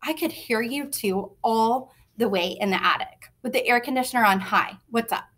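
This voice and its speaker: A woman's voice: fairly high pitch, normal speed, fairly bright tone. Woman voicing a tired, worried mom. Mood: weary.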